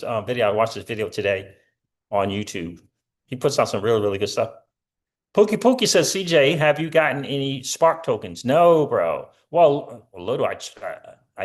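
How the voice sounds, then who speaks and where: A middle-aged man hosting a casual crypto livestream, rambling with lots of fillers and answering viewer comments. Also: on the low side.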